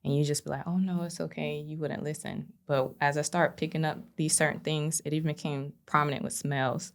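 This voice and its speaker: A woman's voice: low voice, level tone, a little fast. A middle-aged woman, a podcast guest, earnestly recounting her own experiences with many "you know" fillers. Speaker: podcast guest, abuse survivor. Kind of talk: candid personal storytelling.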